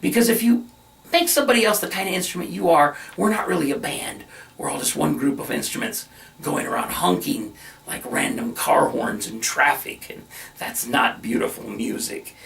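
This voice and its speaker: A middle-aged minister, a man, preaching in a relaxed, conversational way while telling his own story. His voice has a gravelly, creaky grain. He sits some distance back from the mic. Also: a little high, normal speed. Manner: earnest storytelling, emphatic and conversational. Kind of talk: sermon-style personal reflection.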